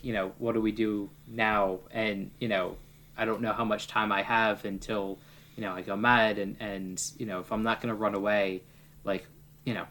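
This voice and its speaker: A man co-hosts a casual podcast in a fairly low voice. He meanders toward his point, paraphrasing dialogue and leaning on fillers. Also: fairly bright tone. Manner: rambling, filler-heavy, quoting lines. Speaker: podcast co-host.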